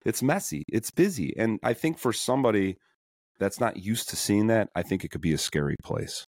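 A man hosting a podcast in casual interview chat, animated and full of fillers and restarts. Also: lowish voice, fairly quick, no room sound, clean studio sound. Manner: animated, many fillers and restarts, acts out quoted people. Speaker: podcast host.

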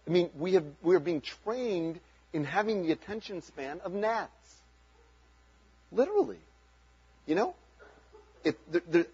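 A man's voice: high voice, darkish tone, breathy edge, muffled recording. A man preaching a sermon as pastor, talking in an earnest, conversational way and chuckling between points.

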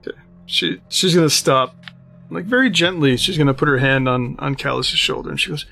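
A man's voice: fairly high pitch, brisk, creaky, sharp tone. A man narrating as game master of a tabletop game, describing scenes in a meandering way with many fillers.

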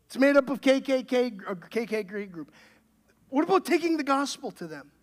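A man's voice: very high voice, big pitch swings, normal speed. Man preaching with emphatic questions. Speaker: pastor. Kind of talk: sermon.

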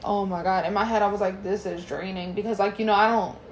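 A woman's voice: medium pitch, fairly even intonation, quick pace. A woman in her thirties, a blunt and profane parent telling stories in casual conversation as a podcast co-host. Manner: blunt, swears, laughs while telling stories. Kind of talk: casual chat. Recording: crowd noise behind her.

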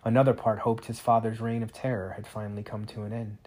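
A man narrating a fantasy storybook aloud in a dramatic, expressive reading. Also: fairly low pitch, quick pace.

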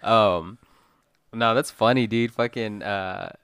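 A man in relaxed casual chat, laughing often and swearing freely. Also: fairly low pitch, slow pace, smooth, dry recording.

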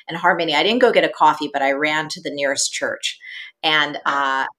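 A woman's voice: deep voice, a little fast, pushed and bright. A middle-aged woman, an entrepreneur guest, telling her story earnestly and animatedly with many "you know" fillers. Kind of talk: personal storytelling in an interview.

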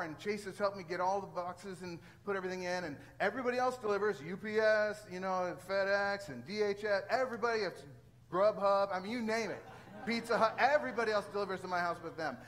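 Older male preacher, high voice, animated storytelling with exasperated peaks, faint noise underneath. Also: rough recording. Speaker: pastor. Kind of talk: sermon with personal story.

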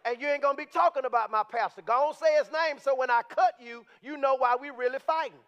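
Male preacher, very high voice, animated conversational delivery that rises to shouts, dull lo-fi church recording. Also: quick pace. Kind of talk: sermon. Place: church sanctuary. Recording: dull, lo-fi sound.

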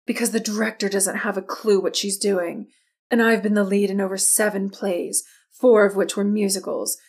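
A stuck-up teenage girl who talks down to everyone, as a woman reads her aloud. The storybook voice is mid-pitched with a gravelly texture. She keeps a snippy, superior tone. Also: level tone, normal speed, a little mellow. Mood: hissing, angry. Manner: condescending, snippy. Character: haughty, bossy teenage girl actress.

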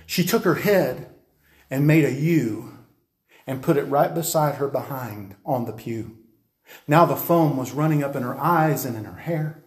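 A man's voice: mid-range voice, normal speed, darkish tone. A man preacher giving a dramatic testimony, insistent and emphatic, acting out scenes as he talks. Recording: roomy echo.

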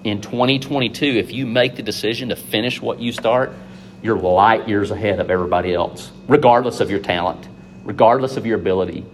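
A man preaching a sermon, animated and conversational, acting out biblical figures in quick asides. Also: on the low side, slight background noise.

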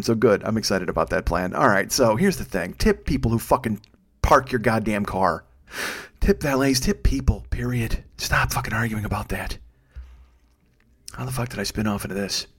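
A man in his fifties who tells a rambling, self-mocking comedy monologue as a podcast host, swearing constantly. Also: mid-range voice. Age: 50s. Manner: digressive storytelling.

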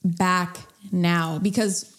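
A young woman co-hosting a podcast in casual chat, trading banter and quick punchlines. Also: lowish voice, fairly even intonation. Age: young adult. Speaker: podcast co-host.

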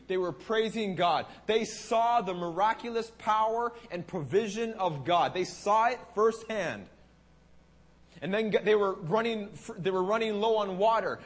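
High-voiced animated male preacher. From Canada. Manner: animated preaching, voices God and the Israelites in quotes. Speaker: pastor. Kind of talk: sermon.

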